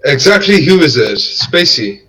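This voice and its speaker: Lively, puzzled man in voice chat. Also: fairly high pitch, unhurried, crowd noise. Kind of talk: casual voice chat.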